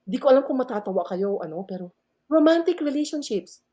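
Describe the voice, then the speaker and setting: A middle-aged woman with a Filipino accent, a math professor who is a guest on a podcast, telling stories and acting out dialogue as she mixes English with Tagalog. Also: fast. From Philippines. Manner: switches between English and Tagalog, acts out dialogue; lively, swooping pitch. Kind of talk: animated storytelling interview.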